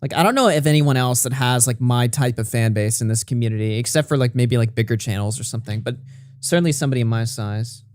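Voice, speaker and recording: A man's voice: mid-range voice, fast, darkish tone, no echo, soft background music. A young man streaming casual commentary, reading messages aloud with mocking asides and frequent laughter.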